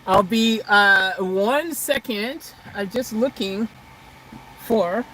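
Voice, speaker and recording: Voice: medium pitch, very slow, pushed and bright, slight background noise, rough recording. A vlogger chatting casually on a livestream outdoors beside a car, reading out viewer comments in a rambling, hesitant way full of restarts.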